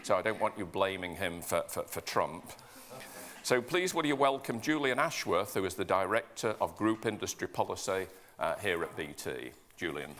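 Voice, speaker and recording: A man's voice: low-pitched, lively intonation, normal speed, background noise. A man chairing a conference, introducing the next speaker with a light joke. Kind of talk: event introduction.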